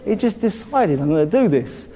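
Lively high-voiced preacher in a reverberant hall. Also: male voice, moderate pace. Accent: southern English. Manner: lively, laughing often, calling out to the congregation. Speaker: pastor. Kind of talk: sermon. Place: church hall. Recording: long reverb of a church hall.

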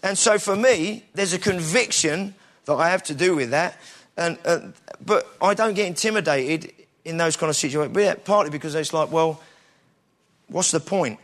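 British preacher guy, pretty high voice, talks like he's chatting with mates, keeps restarting. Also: fairly bright tone. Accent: British English. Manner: conversational, self-deprecating, frequent restarts and asides. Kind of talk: informal sermon.

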